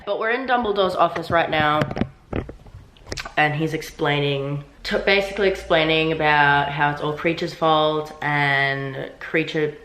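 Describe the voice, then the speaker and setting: A young woman reacting to a book she is reading, animated and exasperated, swearing freely as she talks. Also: sits low. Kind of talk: casual reading-reaction vlog. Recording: roomy echoey room.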